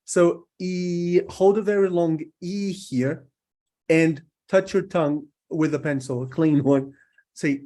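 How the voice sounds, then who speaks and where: A man's voice: fairly high pitch, darkish tone. A man from Brazil teaching English pronunciation in a recorded lesson, holding out vowel sounds to demonstrate them and checking in with his listeners again and again. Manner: checks in often with "right?".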